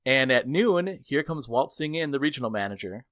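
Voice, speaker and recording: A man's voice: moderate pace, dry recording. A man hosting a podcast, telling a work story in casual chat, acting out the people he quotes. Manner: animated storyteller, acts out quotes with big pitch jumps. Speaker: podcast host.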